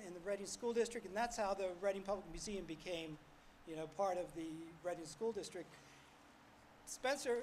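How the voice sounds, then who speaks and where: An older man, a past president of an ornithology club, speaks at an outdoor ceremony on a street corner, telling wry, self-deprecating stories about his club. His voice is high-pitched, and the rough recording carries a little hiss or hum.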